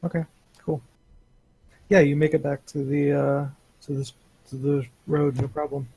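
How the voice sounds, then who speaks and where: A man's voice: on the high side, little pitch movement, unhurried, warm tone, poor audio. A man running a tabletop game as game master, hesitant and full of fillers.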